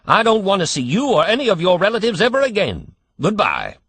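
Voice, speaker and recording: A crusty old family doctor snaps his words out curtly, voice raised and indignant with a lively, jabbing rise and fall, as a man narrator plays him. The recording is dry and close. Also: high-pitched, fairly quick, husky, no echo, voice pushed up, heavily acted. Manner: sharp, curt, indignant.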